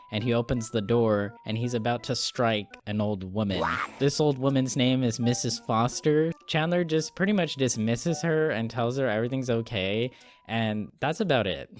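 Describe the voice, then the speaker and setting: A man casually summarizing a horror novel, with chatty fillers and acted-out quotes. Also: medium pitch. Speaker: book reviewer.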